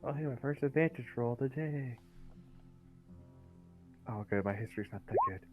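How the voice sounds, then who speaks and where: A man's voice: mid-range voice, moderate pace, soft background music. A man playing in a casual tabletop game, chatty and upbeat about his dice rolls. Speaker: player. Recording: tinny phone-like voice chat.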